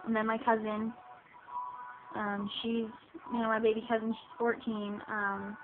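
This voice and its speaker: A woman's voice: fairly high pitch, level tone, a little slow, over music. A seventeen-year-old girl talking hesitantly to the camera, with many ums and restarts. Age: teens. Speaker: vlogger. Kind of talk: personal vlog talking to camera. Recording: tinny lo-fi sound with hiss.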